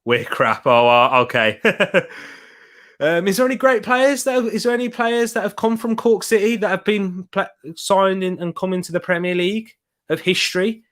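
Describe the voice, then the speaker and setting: A man's voice: sits high, normal speed, a bit bright. A young man hosting a live football watch-along, chatting casually, laughing often and reading out viewer comments.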